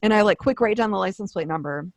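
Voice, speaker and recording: Young female podcast co-host: chatty, animated, swears, acts out her quotes, dry close mic. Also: medium pitch, quick pace, no room sound. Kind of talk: casual chat, storytelling. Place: home office.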